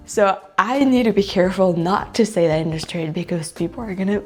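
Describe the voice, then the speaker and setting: A woman from France with a French accent, speaking English as a second language in a casual, animated vlog chat, full of likes and restarts. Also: medium pitch, moderate pace, hardly any pauses, soft background music. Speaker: vlogger.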